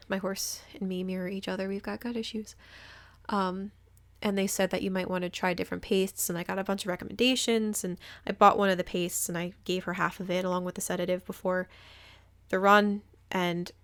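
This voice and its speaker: A young adult woman hosting a podcast, telling a personal story in a chatty, candid way, acting out what people said. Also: on the low side. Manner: chatty, candid, frequent fillers and quoted dialogue. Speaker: podcast host.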